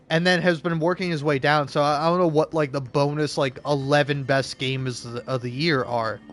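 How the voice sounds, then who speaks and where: An American man from the southeastern US, chatting casually while gaming, in a rambling way with many fillers and restarts. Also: a little high. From southeastern United States. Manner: rambling, filler-heavy, frequent 'like' and restarts. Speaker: streamer.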